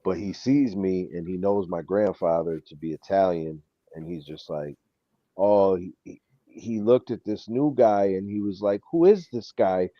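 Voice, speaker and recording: A man hosting a casual chat, telling stories in an animated way and saying "bro" a lot. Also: low voice, a little slow, no room sound, highs cut off. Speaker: show host.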